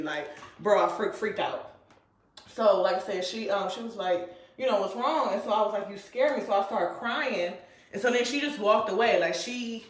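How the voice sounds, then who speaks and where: A woman's voice: mid-range voice, reverberant. A woman vlogger telling a personal story in a casual, rambling way, full of fillers and restarts. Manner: rambling, filler-heavy retelling.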